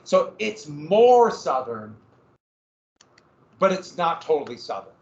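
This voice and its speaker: A man lecturing a history class, his voice a bit higher than most. He talks casually, asks questions back at the class and often restarts his sentences. The recording sounds roomy and a little dull. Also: very animated, slow pace. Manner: conversational, rhetorical questions, frequent self-corrections. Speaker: history teacher.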